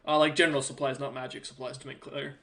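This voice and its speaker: A man narrating a tabletop game as game master, halting with many fillers. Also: medium pitch, little pitch movement, pushed and bright.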